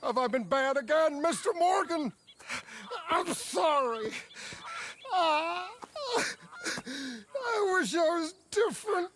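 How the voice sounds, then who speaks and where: A man's voice: high-pitched, lively intonation, slow pace. An actor playing a rambling, self-pitying drunken old man with a slurred, wavering voice in a game with music behind. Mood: maudlin drowsy.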